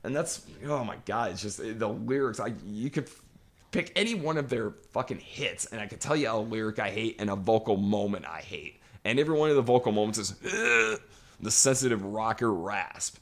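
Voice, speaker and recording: A man's voice: fairly low pitch, lively intonation, a little fast. A man co-hosting a podcast, ranting emphatically and swearing constantly in casual chat. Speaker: podcast co-host. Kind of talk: profane casual podcast rant.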